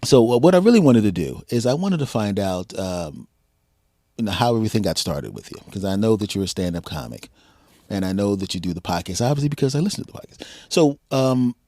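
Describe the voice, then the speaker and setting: A man's voice: lowish voice, sing-song, a little fast, dark tone, no room sound. A man hosting a casual podcast interview, laughing often and rambling with frequent ums. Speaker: podcast host.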